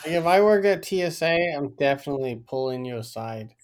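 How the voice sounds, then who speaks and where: A man's voice: a little high, animated, brisk. A man in casual chat, laid-back and teasing.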